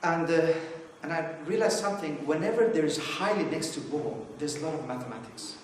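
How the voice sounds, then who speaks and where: A man's voice: a little high, normal speed, slight background noise. Rambling man in an echoey hall. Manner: rambling, anecdotal, many fillers and restarts. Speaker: conference speaker. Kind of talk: informal opening remarks. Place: conference hall. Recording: echoey hall, distant mic.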